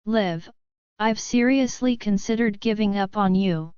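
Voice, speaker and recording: A woman's voice: medium pitch, measured pace, smooth, no room sound, muffled recording, natural voice. Woman reading a possessive, menacing young man. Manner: soft, threatening.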